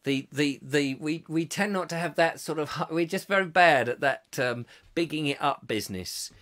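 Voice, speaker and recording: A man's voice: on the high side, normal speed, fairly bright tone. A man from England hosting a comic live chat show, reading out viewer comments and rambling off into jokes. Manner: rambling, jokey, slips into silly voices. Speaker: host.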